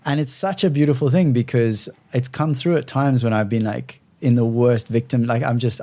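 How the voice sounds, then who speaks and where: A man hosting a conversational podcast interview, relaxed and talkative, laughing at his own slips of the tongue. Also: medium pitch, brisk, few pauses. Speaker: podcast host.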